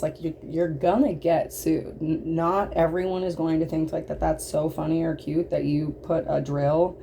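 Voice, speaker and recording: A woman's voice: sits low, little pitch movement, normal speed, creaky, hardly any pauses, dark tone, a little hiss or hum. A woman telling a storytime rant, indignant and exasperated, blunt, swearing, and full of fillers.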